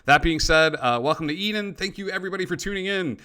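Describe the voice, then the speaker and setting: A man's voice: high voice, quick pace, bright, forceful tone, clean tone. A man running a tabletop role-playing game as game master, narrating loosely with many uh and um fillers. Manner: loose, filler-heavy, frequent uh and um.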